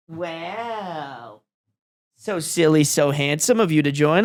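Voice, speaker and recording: A man's voice: a little high, slow, dry recording, clean studio sound. A man streaming live from home, chatting casually and cooing in playful baby talk to his cat, swearing freely. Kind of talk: casual livestream chat.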